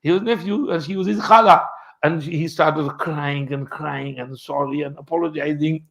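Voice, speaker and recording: Brief: male religious teacher, storytelling lesson, fairly high voice. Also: steady tone, moderate pace, gravelly, fairly bright tone. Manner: storytelling, mixing in Urdu and Arabic terms. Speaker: Islamic teacher. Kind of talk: Quran commentary lesson.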